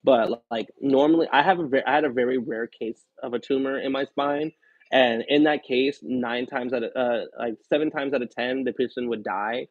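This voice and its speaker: A man live streamer chats casually, telling a personal story in a rambling, candid way with plenty of fillers. His medium-pitched voice moves at a normal speed, and the sound is dry and tinny, like a phone, with no room sound.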